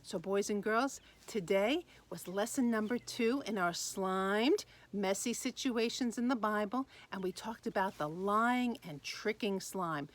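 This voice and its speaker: A woman telling a Bible story to children in an animated way, speaking straight to them. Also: medium pitch, measured pace, hardly any pauses. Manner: animated, addresses children directly.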